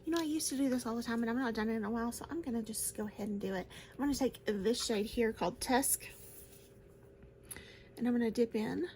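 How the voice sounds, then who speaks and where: A woman with a fairly high voice chats her way through a makeup tutorial, gushing over each shade and laughing easily. A faint hiss sits behind her voice. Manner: chatty and gushing, laughs often. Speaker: beauty vlogger. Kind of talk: casual makeup tutorial chat.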